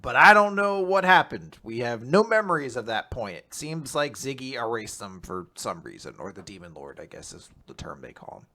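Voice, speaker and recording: A man's voice: mid-range voice, big pitch swings, moderate pace, hardly any pauses, bright, forceful tone. A man voicing an earnest female robot who explains things in a matter-of-fact way. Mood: explaining.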